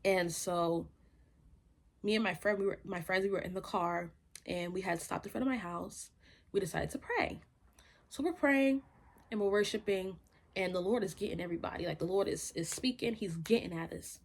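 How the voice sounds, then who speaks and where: A woman's voice: medium pitch, brisk. A woman sharing a personal faith testimony in a conversational, reflective way, with many fillers and restarts. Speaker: faith podcast host.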